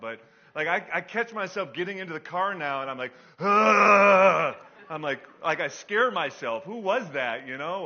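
Casting: middle-aged male pastor, bright, fairly high voice, rambling anecdotal sermon, dull lo-fi recording. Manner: chatty, self-deprecating, many fillers. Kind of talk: storytelling sermon. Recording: dull lo-fi sound.

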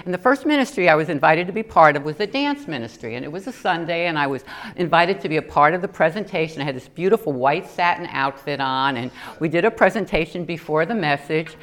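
A middle-aged woman giving an earnest personal testimony in a sermon, telling stories with animated asides. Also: on the low side. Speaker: lay preacher.

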